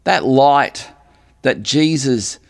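Slow, deliberate male preacher. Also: medium pitch, vocal fry. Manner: slow, deliberate preaching with emphatic quoted lines. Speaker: pastor. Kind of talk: sermon.

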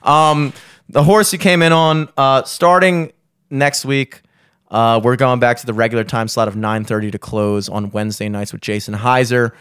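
A man's voice: mid-range voice, fairly even intonation, moderate pace, fairly bright tone, smooth, dry recording. Young male podcast host, loose and profane, dry close mic. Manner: profane, joking, rambling plugs. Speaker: podcast host and gigging musician. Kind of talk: casual podcast banter.

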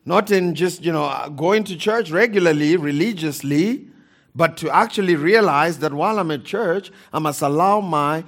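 A man's voice: a little high, normal speed. A man preaching a sermon in a church, repeating key phrases and calling for amens. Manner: calls for amens from the congregation. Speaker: pastor.

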